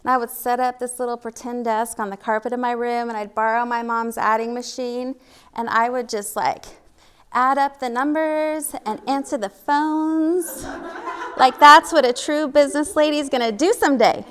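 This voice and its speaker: This storytelling speaker is a middle-aged Oklahoma woman with a slight local accent, sharing her own story from a live-event stage. She's frank and pokes fun at herself, her fairly high, fairly bright voice holding a steady tone at a moderate pace.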